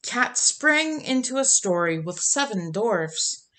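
A woman reading a children's picture book aloud in a gentle, expressive storytelling manner. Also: a little high, takes it slowly. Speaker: storybook reader.

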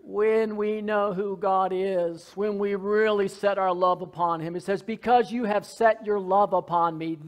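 Fervent high-voiced male preacher. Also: fairly even intonation, unhurried, hardly any pauses. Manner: fervent preaching, swinging from soft asides to loud shouted lines; folksy, joking. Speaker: pastor. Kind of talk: sermon.

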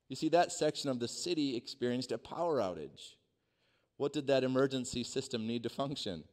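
A man preaching a sermon, telling a personal story in a dynamic way that swings from hushed to loud. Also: mid-range voice, expressive, brisk. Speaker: pastor. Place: church sanctuary.

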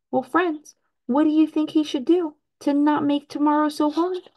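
A woman reading a picture book aloud to young children, teacherly and engaging. She pauses often to ask the kids questions about the story. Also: sits high, fairly even intonation, muffled recording. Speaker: children's story reader, channel host.

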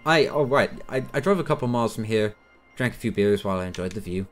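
A man's voice: fairly low pitch, animated, fast talker, lightly acted. Guy doing a chill mechanic dude w a put-on american accent, says man a lot, faint music. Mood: relaxed. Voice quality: casual drawl, calls everyone man. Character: laid-back male small-town mechanic, friendly.

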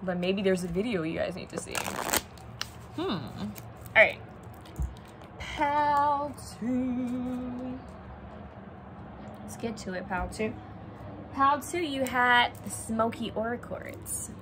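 A woman's voice: fairly high pitch, animated, slow pace, pauses often, noisy background. A young woman giving a casual pick-a-card tarot reading, chatting and thinking aloud as she pulls cards.

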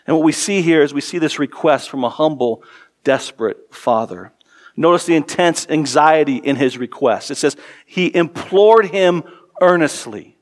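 An earnest man in his forties preaching from the pulpit. His voice sits a little high for a man, and he repeats words as he leans into a point, then sinks quiet for tender moments. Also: expressive, moderate pace. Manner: earnest, repeats words when emphasizing, drops soft and low for tender passages. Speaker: pastor. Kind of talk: sermon.

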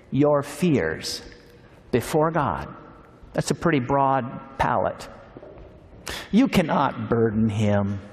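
A man giving a sermon at a seminar, telling stories and slowing down on key phrases. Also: medium pitch. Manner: warm storytelling, slows for emphasis. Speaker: speaker at a Christian seminar. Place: large hall. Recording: long hall reverb.

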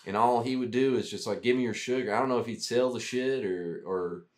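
A man's voice: mid-range voice, brisk, darkish tone. A man, a veteran guest, telling profane, rambling war stories in casual talk. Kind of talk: casual storytelling.

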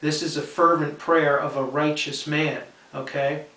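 A man's voice: on the high side, little pitch movement, unhurried, fairly bright tone, recorded from a distance. A man teaching the Bible in an earnest, explanatory way. He often checks in with "okay?" and repeats key points for emphasis. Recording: roomy sound from off-mic.

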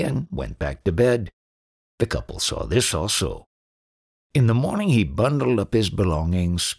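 A man narrating spiritual stories in an audiobook with an expressive reading. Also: fairly low pitch, husky. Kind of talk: storytelling narration.

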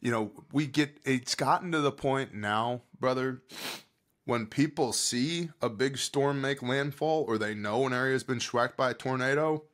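An American man in a casual podcast chat, telling his stories with lots of energy. He acts out the quotes, gets loud at times and drops to a hush at others, at an everyday middle pitch. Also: normal speed. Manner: animated storyteller, acts out quotes, swings from loud to hushed. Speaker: podcast guest, disaster relief leader.

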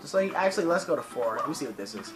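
Very fast and very animated, a teenage let's play host with a medium-pitched voice commentates gameplay and bursts into frustrated, cursing tirades. Soft music sits under poor audio.

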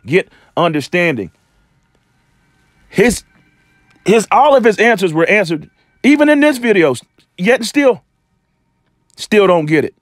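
A man's voice: sits high, sing-song, unhurried, long pauses, dry recording, studio quality. A man ranting to camera in a preachy, scornful way, quoting scripture and rambling with restarts. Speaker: religious commentator. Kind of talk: off-the-cuff rant to camera.

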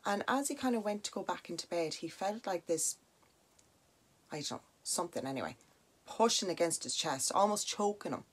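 A young Irish woman with a low voice tells a ghost story casually on her podcast. She chats along with plenty of "like" and "now" asides, animated and conversational. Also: moderate pace, slightly rough. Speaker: podcast host.

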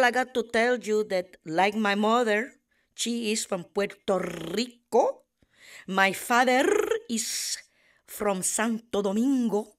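A woman playing a proud, playful Dominican character. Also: on the high side.

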